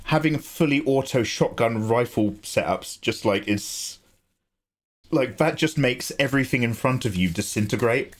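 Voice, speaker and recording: Lively English man chatting on stream. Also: medium pitch, normal speed. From England. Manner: chatty, animated, swears and laughs easily. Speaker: livestream host. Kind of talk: casual livestream chat.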